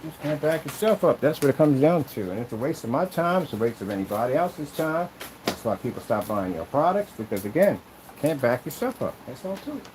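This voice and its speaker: A man's voice: medium pitch, sing-song, fairly quick, noisy background. A man who makes projection screens, ranting in a casual vlog with an aggrieved, rambling, repetitive way of talking. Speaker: projection screen maker and seller.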